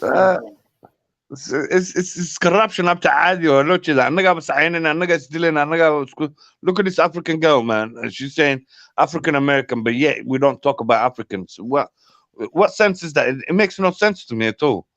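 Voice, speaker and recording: A man's voice: on the high side, brisk, fairly bright tone, dry recording. Guy ranting as a guest, keeps repeating himself, dry dull mic. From Somali heritage, UK. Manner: indignant, repetitive, mixes in Somali. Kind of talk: casual opinion chat.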